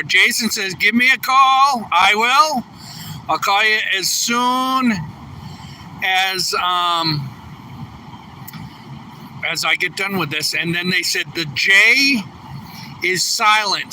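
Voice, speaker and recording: A tired trucker livestreaming outdoors, chatting casually and reading viewer comments aloud. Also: male voice, animated, takes it slowly, long pauses, sharp tone. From New England. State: a little tired. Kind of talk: casual live stream chat. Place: outdoors at a truck distribution center. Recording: distant phone mic with faint traffic noise. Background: trucks rumbling.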